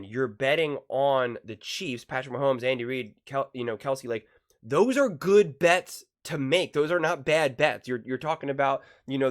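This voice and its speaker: A man giving casual sports reaction commentary, skeptical and argumentative, rambling with fillers. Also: mid-range voice.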